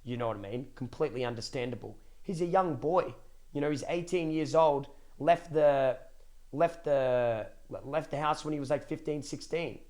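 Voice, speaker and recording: A young man, a streamer casually telling a family story to his live chat, emphatic and repetitive, swearing freely. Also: medium pitch. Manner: animated, emphatic repetitions and dramatic pauses.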